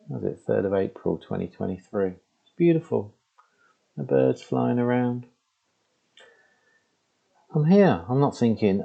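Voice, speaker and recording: A man giving a reflective spoken talk to his laptop at home, halting and conversational with frequent restarts. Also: mid-range voice, animated, gravelly, breathy edge, narrow, tinny audio. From England. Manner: halting and conversational, with many restarts and "you know". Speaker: spiritual teacher. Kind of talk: reflective spoken monologue to camera. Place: room at home with the door open. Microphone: laptop microphone.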